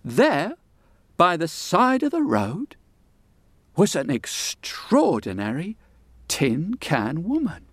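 A man telling a folk tale with unhurried, dramatic pauses and folksy asides, over guitar music. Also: fairly high pitch, huge pitch swings, no echo. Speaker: storyteller. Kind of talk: oral storytelling.

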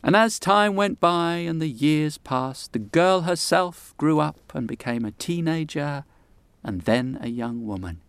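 A man telling a folk tale with unhurried, dramatic pauses and folksy asides, over guitar music. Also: fairly high pitch, expressive, smooth, no echo. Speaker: storyteller. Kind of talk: oral storytelling.

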